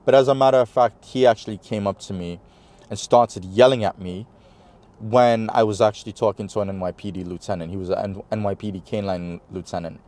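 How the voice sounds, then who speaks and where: A man's voice: fairly low pitch, fairly quick. A man with a New York accent, a guest in an interview, retelling a personal story animatedly and acting out the dialogue. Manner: animated retelling, acts out quoted dialogue, many fillers.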